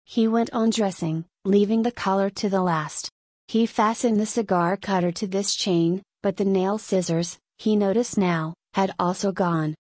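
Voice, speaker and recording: A woman's voice: mid-range voice, a little mellow, dry recording. Woman narrating a story, dry close sound. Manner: measured storytelling. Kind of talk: scripted audiobook narration.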